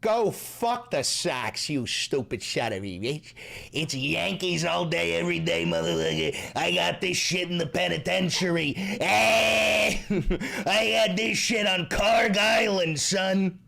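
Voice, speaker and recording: A man's voice: sits high, takes it slowly, creaky, pushed and bright, exaggerated voice. Give me a rowdy heckling fan with a thick Boston accent, as a man puts him on. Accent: exaggerated Boston. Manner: brash, profane, heckling. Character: rowdy loudmouthed male sports fan.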